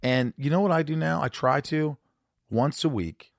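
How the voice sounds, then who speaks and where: A man's voice: fairly high pitch, moderate pace, gravelly, no echo, studio quality. A man hosting a podcast, talking bluntly and openly about his feelings and swearing freely. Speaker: podcast host. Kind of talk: casual podcast interview.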